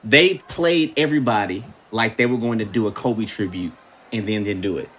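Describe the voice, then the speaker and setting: A man, co-hosting a casual podcast and earnestly explaining his views, now and then breaking into high mimicry. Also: normal speed, a bit bright, breathy edge. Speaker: podcast co-host. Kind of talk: casual chat.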